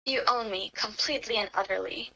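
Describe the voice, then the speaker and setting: Woman doing a smitten young girlfriend, soft quavery voice, bright and a bit high. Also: brisk, gravelly, highs cut off, full character voice. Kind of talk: fan role-play reading, first person.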